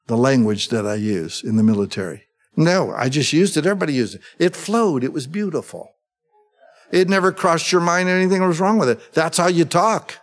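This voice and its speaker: Middle-aged pastor guy preaching, chatty, keeps asking the crowd true? right?. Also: medium pitch. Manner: conversational, asks the congregation for agreement. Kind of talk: sermon.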